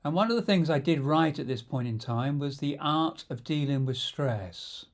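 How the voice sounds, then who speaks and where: A middle-aged man telling stories from his own life in an unhurried, conversational way. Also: fairly high pitch, expressive. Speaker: storyteller and coach. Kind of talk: memoir storytelling.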